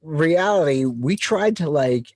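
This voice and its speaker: Pria bersuara tinggi, bercerita dengan hidup. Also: male voice, slow pace, no room sound. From Pittsburgh, USA. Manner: animated, acts out his toddler daughter in a high voice. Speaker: podcast co-host. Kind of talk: casual chat.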